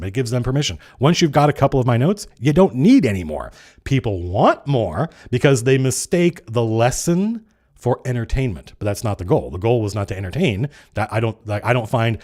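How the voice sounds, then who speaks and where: A middle-aged streamer and game designer with a mid-range voice hosts a casual livestream chat. He talks fast and animatedly, swears here and there, and acts out the players he quotes.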